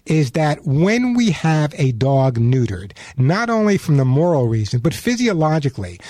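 A chatty man hosts a call-in pet advice radio show, emphatic and fond of repeating himself. His voice sits a little higher than most men's, and the studio sound is dry and close. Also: big pitch swings, moderate pace, darkish tone, no room sound. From New York.

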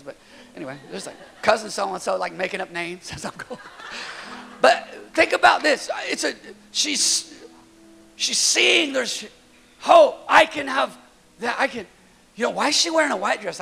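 A man in his thirties preaching a sermon in a church, energetic and storytelling, often repeating words as he builds a point. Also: high-pitched, fairly quick, gravelly. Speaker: pastor.

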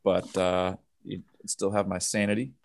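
A man's voice: sits low, little pitch movement, unhurried, vocal fry. A man on a casual podcast, laid-back and teasing. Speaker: podcast co-host. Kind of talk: casual chat.

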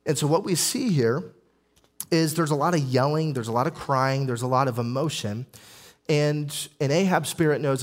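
A man's voice: a little high, normal speed. A young adult man, a pastor, preaching an emphatic sermon with repeated phrases and listed points.

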